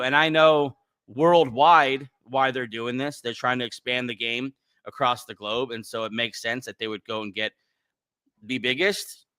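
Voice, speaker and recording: A man's voice: mid-range voice, pushed and bright, smooth. A man hosting a casual livestream podcast, chatting in a rambling way with lots of fillers and restarts. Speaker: podcast host.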